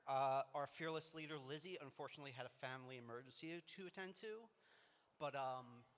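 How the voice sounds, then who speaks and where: A man's voice: on the high side, fairly bright tone. A man with a slightly raised voice rallies the crowd from the stage as a convention organizer. He is speaking on a PA mic in a big hall, and his voice carries a long reverb. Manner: upbeat, crowd-rallying. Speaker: event organizer. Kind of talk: announcing on stage.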